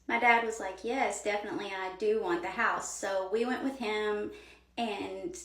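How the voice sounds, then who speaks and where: A woman's voice: mid-range voice, fairly even intonation, normal speed, a bit bright. A woman, telling stories casually into her phone at home, rambling with lots of fillers. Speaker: vlogger. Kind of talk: casual storytelling.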